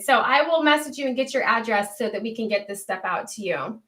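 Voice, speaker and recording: A woman's voice: a little high, fairly quick, hardly any pauses, a bit bright. A woman hosting a homestead livestream, chatting earnestly and reading viewer comments aloud, laughing easily.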